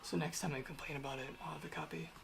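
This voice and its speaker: A young programmer streams his coding, thinking aloud as he rambles and grumbles casually to himself. His voice is on the high side and fairly bright, with fairly even intonation, vocal fry, and a racing pace, over slight background noise.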